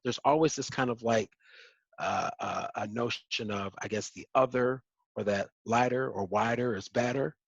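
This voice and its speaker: Man, panel host, husky, stammering restarts, dull dry lo-fi sound. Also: medium pitch, moderate pace, no echo. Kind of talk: panel discussion.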